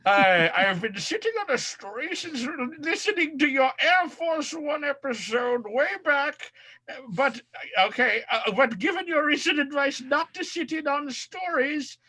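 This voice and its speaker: A hammy letter writer with a put-on Australian accent, as a man reads it out. The voice sits very high and bright, swinging widely in pitch, and reads every line with theatrical relish. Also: big pitch swings, unhurried, exaggerated voice. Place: home during quarantine. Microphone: remote live stream.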